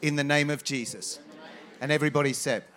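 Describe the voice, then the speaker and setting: A man's voice: a little high, brisk, fairly bright tone, a faint crowd. A man preaching a sermon, telling a personal story with energy and rallying the congregation in between.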